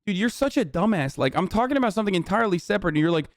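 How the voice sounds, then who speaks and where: A man's voice: high voice, very animated, rapid-fire, few pauses, dry recording, clean studio sound. A man hosting a livestream and giving heated political commentary in a combative, profane rant. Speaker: livestream host.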